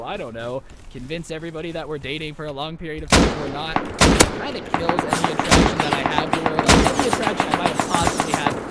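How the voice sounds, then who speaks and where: High-voiced young man telling rambling stories. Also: very noisy. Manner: rambling, slangy, self-interrupting. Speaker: streamer. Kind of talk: casual storytelling over gameplay. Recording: loud game gunfire behind voice.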